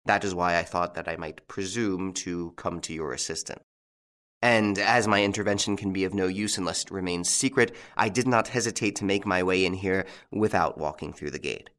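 A man reading an audiobook, voicing a calm, authoritative gentleman thief who speaks distinctly and reassuringly, in a lowish voice. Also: normal speed. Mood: grave.

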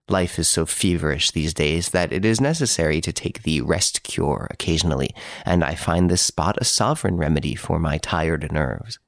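A man voicing a suave gentleman thief who mocks the detective from his prison cell, urbane and playfully boastful. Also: low-pitched, dry recording, clean studio sound. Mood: playful, sly.

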